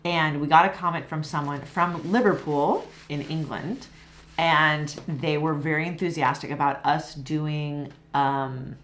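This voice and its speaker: Brief: woman from LA, low-pitched, chatty teacher with plenty of "um" and "like". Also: fairly even intonation, measured pace, fairly bright tone. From Los Angeles, USA. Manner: chatty, explains with many fillers. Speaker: English teacher and co-host. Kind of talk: casual explaining chat.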